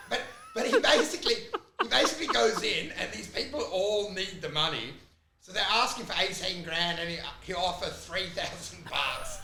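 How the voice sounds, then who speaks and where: A man co-hosts a comedy podcast, with a high, gravelly voice and a very bright, sharp tone. He tells stories animatedly and laughs through them, and the recording rings in a roomy echo. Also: moderate pace, slight background noise. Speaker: podcast co-host. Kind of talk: casual comedic chat.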